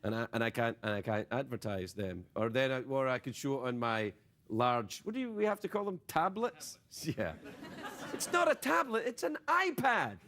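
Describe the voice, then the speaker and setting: A man's voice: medium pitch, big pitch swings, normal speed, noisy background. A man hosting a late-night talk show, rambling through a playful, self-mocking comedic monologue in a television studio. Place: television studio with live audience.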